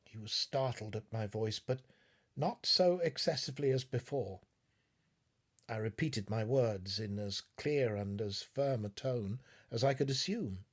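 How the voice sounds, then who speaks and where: A man reading a classic story aloud in a measured, expressive narration. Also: mid-range voice. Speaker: audiobook reader.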